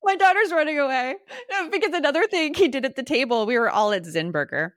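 A middle-aged woman tells family stories on a podcast in a lively, swooping voice, acting out quotes as she goes. Her pitch sits a little high, and the sound is close and dry. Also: fast, dry recording. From Arizona, US. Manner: animated storyteller, acts out quotes. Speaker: podcast co-host. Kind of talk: casual chat.

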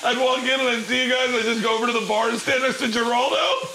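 While cooking for guests in a kitchen, a man tells loose, rambling stories and laughs often. His voice is extremely high, steady and fast, with frying and sizzling noise behind him.

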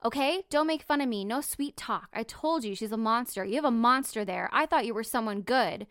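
A woman reading out the lines of a furious woman interrogator, hectoring and repeating shouted demands. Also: fairly high pitch, animated, brisk, no room sound, studio quality. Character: shrill, furious woman interrogator, accusing and bullying.

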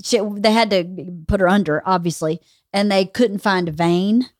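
A woman's voice: mid-range voice, normal speed, no echo, studio quality. A woman guesting on a podcast, telling a story in casual chat in a blunt, teasing way. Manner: blunt, teasing, interrupts to correct. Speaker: podcast guest, host's wife.

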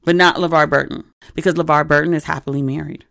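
A woman's voice: deep voice, animated, quick pace, creaky, a bit bright, no echo, clean studio sound. A woman in her forties hosting a solo podcast, telling stories in a candid, chatty way full of asides. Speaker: podcast host. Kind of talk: casual solo podcast chat.

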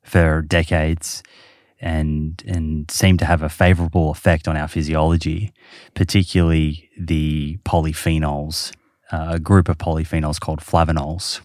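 Very deep-voiced man explaining. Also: flat delivery, moderate pace, a little mellow, no echo, studio quality. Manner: explains studies at length with many fillers. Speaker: podcast host. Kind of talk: casual chat.

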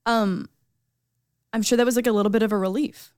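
Young woman, slightly high voice, dry close sound, chatty podcast talk. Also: steady tone, fairly quick, a little mellow, clear, resonant tone, no echo. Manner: chatty, emphatic, heavy on "like". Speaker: podcast co-host. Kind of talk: casual podcast chat. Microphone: studio mic.

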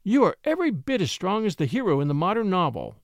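Spirited young society woman, storybook, male narrator raises his voice. Bouncy, lively delivery, dry close recording. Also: fast talker, no room sound. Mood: happy. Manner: raises pitch, lively and gentle.

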